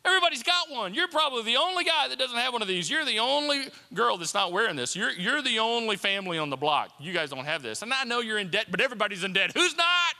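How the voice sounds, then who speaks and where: A man voicing a smooth-talking tempter who coaxes and wheedles. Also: very high-pitched, expressive, fast, few pauses, pushed and bright, pitched above the performer's own voice, full character voice. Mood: wheedling. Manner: wheedling, persuasive, dismissive. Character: coaxing smooth-talking tempter voice, male adult. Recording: long hall reverb.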